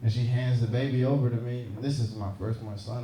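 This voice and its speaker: A man's voice: mid-range voice, fairly even intonation, brisk, a little hiss or hum. A young man from Seattle doing a stand-up comedy set on a club stage, chatting with and teasing the crowd. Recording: roomy club sound, loud crowd laughter.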